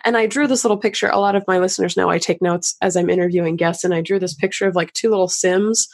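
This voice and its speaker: A woman's voice: fairly low pitch, fairly even intonation, quick pace. Woman hosting a podcast interview. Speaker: podcast host. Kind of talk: conversational interview.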